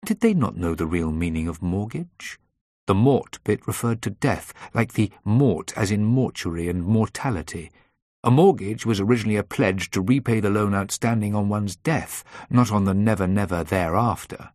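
A man reads a first-person audiobook in a measured, steady way, with a tense edge. His voice is deep and low. The recording is dry and close, with no room echo. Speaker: audiobook narrator. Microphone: close dry studio mic.

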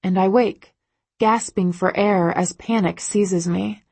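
A woman reads a first-person novel aloud in an intimate, emotive tone. Her delivery is slow and unhurried, her voice soft and breathy, recorded dry and close. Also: mid-range voice, fairly even intonation, no echo. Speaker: audiobook narrator. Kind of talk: first-person audiobook narration.

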